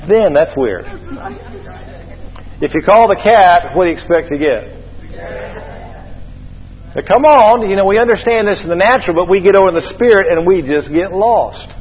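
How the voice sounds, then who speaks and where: A man preaching a sermon to a congregation, lively and joking, calling out for amens. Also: sits high, moderate pace, long pauses, a faint crowd. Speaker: pastor. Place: church hall. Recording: echoey, slightly dull church hall recording.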